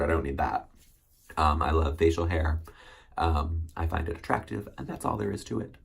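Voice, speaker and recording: A man's voice: deep voice, normal speed, gravelly, breathy edge. A man hosting a solo recap show, chatting casually and rambling with many ums and self-corrections. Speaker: recap host.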